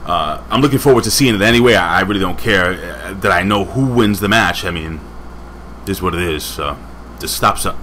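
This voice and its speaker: A man's voice: low voice, fairly quick, a bit bright, slight background noise. A man casually reviewing a wrestling show, rambling with joking asides and chatting to a friend off camera.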